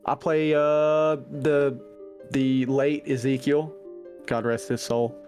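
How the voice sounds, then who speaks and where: A man's voice: medium pitch, little pitch movement, takes it slowly, darkish tone, faint music behind. A man introducing himself as a player on a tabletop game stream, joking around.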